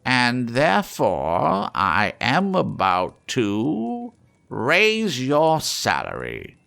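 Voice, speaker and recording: A man reading aloud voices an elderly reformed miser, a hearty and exclaiming old gentleman in a storybook. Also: mid-range voice, huge pitch swings, extremely slow, soft background music, pitched above the performer's own voice, full character voice. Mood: mock stern. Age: older. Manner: hearty, exclaiming, playfully mock-gruff.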